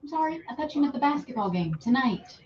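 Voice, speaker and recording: A woman co-hosting a morning radio show with a high, lively, swooping voice. She teases and banters playfully, heard a bit off-mic through dull sound with a faint hiss. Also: quick pace, distant mic. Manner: teasing, playful back-and-forth.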